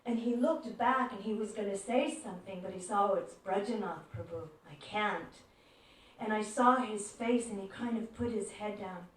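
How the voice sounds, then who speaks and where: A woman giving a devotional talk, telling stories gently and acting out the voices in them. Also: medium pitch, normal speed, few pauses. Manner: gentle storyteller who acts out quoted voices. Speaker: devotional speaker. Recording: echoey room, far from mic.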